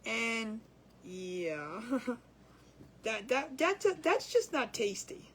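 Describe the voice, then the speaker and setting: A woman's voice: on the high side, big pitch swings, very slow, fairly bright tone, slight background noise. A woman hosting a casual craft livestream, chatty and giggly, rambling with restarts as she works.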